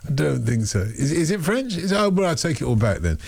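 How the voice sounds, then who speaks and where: A man's voice: a little high, sing-song, a little fast, creaky, a little mellow, slightly rough, no echo. A man hosting a radio phone-in, chatting in a casual, digressive and self-deprecating way.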